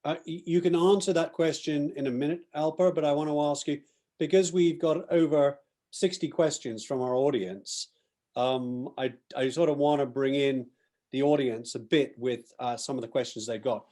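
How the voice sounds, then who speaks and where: A man's voice: on the high side, steady tone, moderate pace, mellow. A man hosting and moderating a webinar panel over a video call, politely relaying audience questions and stumbling a little over his words. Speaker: host and moderator.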